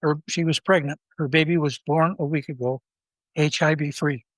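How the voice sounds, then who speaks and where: A man's voice: a little high, fairly even intonation, moderate pace, fairly bright tone, no room sound, lightly acted. A man quoting a male customs officer in his own voice while telling a story. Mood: moved.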